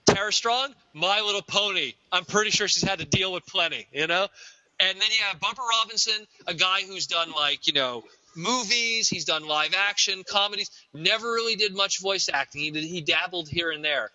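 Casual podcast co-host, a man with a high voice, dry and lo-fi, animated anecdotes. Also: normal speed, no room sound. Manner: animated storyteller, slips into quoted voices. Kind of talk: casual chat. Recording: dull, lo-fi, dry.

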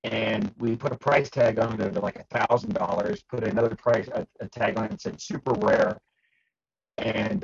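A man co-hosting a podcast, casually telling anecdotes in an animated way. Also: creaky, husky, highs cut off. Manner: animated storyteller, jumps high for quoted shouts. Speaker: podcast co-host. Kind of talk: casual storytelling chat.

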